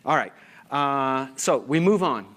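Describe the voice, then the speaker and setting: A middle-aged man lecturing at a conference, animated and full of rhetorical questions, sometimes losing his place. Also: mid-range voice, measured pace. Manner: self-interrupting, loses his place. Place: lecture hall.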